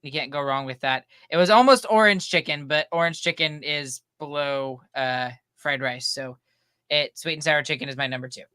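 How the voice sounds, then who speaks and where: A man's voice: on the high side, moderate pace, bright, forceful tone, clear, resonant tone, no room sound, studio quality. A man co-hosting a podcast who chats casually, laughs easily and often restarts his sentences. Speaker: podcast co-host. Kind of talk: casual chat.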